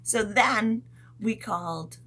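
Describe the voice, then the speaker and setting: A female teacher tells a story to small children, keeping it gentle and lively and throwing in sound effects along the way. Her voice sits in the middle range, and she speaks slowly.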